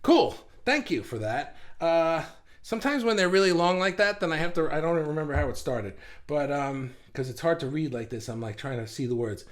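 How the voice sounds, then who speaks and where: A man's voice: fairly high pitch, expressive, a little fast. Chatty, rambling man on a live stream. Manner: chatty and rambling, laughs at himself, many fillers. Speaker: live stream host reading viewer comments. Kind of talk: casual live-stream talk.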